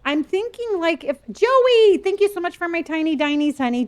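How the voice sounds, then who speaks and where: A woman's voice: extremely high pitch, animated, moderate pace, hardly any pauses. A middle-aged woman streaming a game, chatting playfully with viewers and answering their chat messages.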